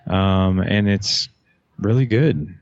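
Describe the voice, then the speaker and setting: A man in his thirties with a low voice tells a personal story on a podcast. He talks loosely and candidly, full of "like" and restarts, with some swearing. The sound is dry and a bit dull. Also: slow, no room sound. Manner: casual, profane, retells dialogue with many "like"s and restarts. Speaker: podcast guest.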